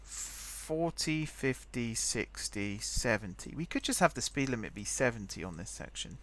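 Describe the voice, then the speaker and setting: A man's voice: medium pitch, lively intonation, measured pace, fairly bright tone. A young man hosting a game let's play, rambling chattily and thinking aloud as he types. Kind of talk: casual gameplay commentary.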